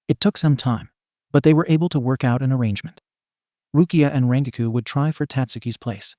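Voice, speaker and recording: A man reading a fan fiction story aloud in an even, measured narration. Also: medium pitch, dry recording, studio quality.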